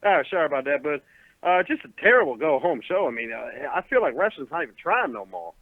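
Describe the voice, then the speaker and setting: Male caller, high animated voice, rapid, tinny phone line, dry sound. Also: no room sound. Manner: fast animated complaining, turns abusive. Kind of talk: call-in rant.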